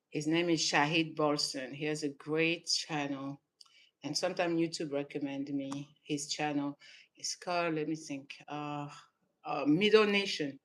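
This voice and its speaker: A woman from Senegal, raised in southern France, giving casual reaction commentary and laughing often between emphatic remarks. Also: low-pitched. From born in Senegal, raised in southern France. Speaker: vlogger reacting to clips.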